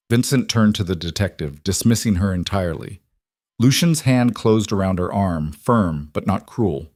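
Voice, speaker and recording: A man reading a mafia drama as scripted narration, measured and even. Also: sits low, dry recording, studio quality.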